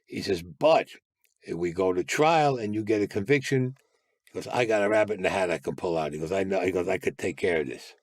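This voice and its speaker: A low-pitched, fairly quick older man with a New York Italian-American accent is a guest telling his life story with bluntness and swearing, performing others' voices through animated, quoted dialogue. The recording is dry with clean studio sound.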